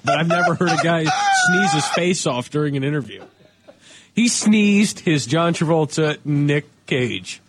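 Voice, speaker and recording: A man's voice: a little high, wildly swooping pitch, a little slow, background noise. A man co-hosting a casual podcast in a studio, often breaking into laughter while he talks. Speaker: podcast co-host. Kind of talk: casual comedy podcast chat.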